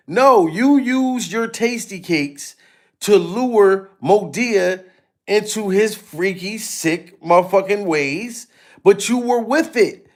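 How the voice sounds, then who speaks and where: A man's voice: sits high, lively intonation, slow pace. A man giving profane, mocking reaction commentary to a live stream audience, laughing and swearing often.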